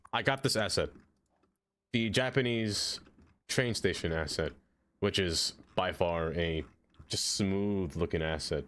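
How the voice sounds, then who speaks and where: Chatty lower-voiced man streaming a game. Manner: chatty, laughs often, talks straight to chat; jumps to high excited exclamations. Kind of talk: casual live-stream gameplay chat.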